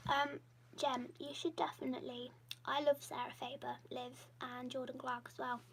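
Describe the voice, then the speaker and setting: A woman chatting casually on a live stream, soft and half-whispered, rambling while she draws. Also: high voice, level tone, normal speed, breathy edge, rough recording. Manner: drawing while she talks. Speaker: YouTuber and artist.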